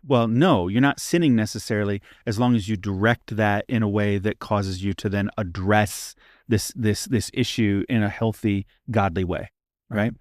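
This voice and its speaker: Studio-quality audio with no echo captures a pastor co-hosting a casual faith podcast discussion. His fairly low voice moves at normal speed as he earnestly works through a question, checking in again and again with "right?".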